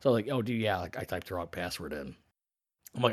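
A man's voice: on the low side, brisk. A man co-hosting a podcast, telling a story in casual chat, swearing freely and acting out both sides of a conversation. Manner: animated, profane, acts out both sides of chats. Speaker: podcast co-host.

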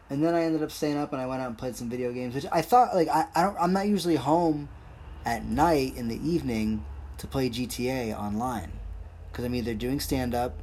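A man's voice: medium pitch, darkish tone, a little hiss or hum. A young man hosting a solo podcast, rambling and joking in a crude, casual way. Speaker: podcast host.

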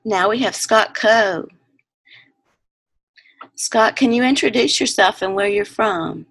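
A woman hosting an online open mic on a video call, introducing readers and thanking them in a soft, encouraging way. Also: mid-range voice, slow, gravelly, slightly rough. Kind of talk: casual hosting.

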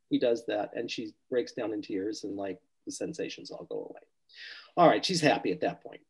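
An older man, a therapist, recounts a client session in an animated storytelling way, acting out the people he quotes and sometimes dropping to a soft, low voice. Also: a little fast, slightly rough, low-quality recording.

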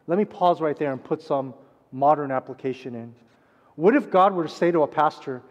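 A pastor preaching a sermon, swinging between loud urgent passages and hushed quiet ones. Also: male voice, mid-range voice, a little fast, highs cut off. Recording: long reverb of a large hall.

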